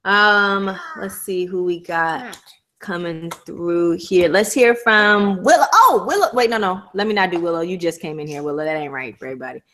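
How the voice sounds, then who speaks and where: A woman and new mother hosting a live stream, chatting casually with callers in a playful, expressive way. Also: lowish voice, normal speed. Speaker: livestream host.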